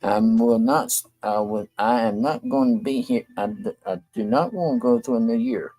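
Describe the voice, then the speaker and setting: A man's voice: medium pitch, normal speed, dark tone, faint music behind, poor audio. An older man, hosting a talk show and complaining bluntly and repetitively. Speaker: show host. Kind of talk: venting monologue to camera.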